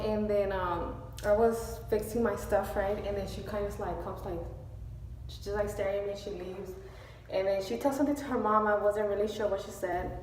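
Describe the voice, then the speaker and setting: A woman's voice: mid-range voice, steady tone, moderate pace, a little mellow, slight background noise. A woman beauty vlogger giving a casual, emotional update from her workplace, gushing and using many fillers. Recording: echoey, distant, faint store ambience.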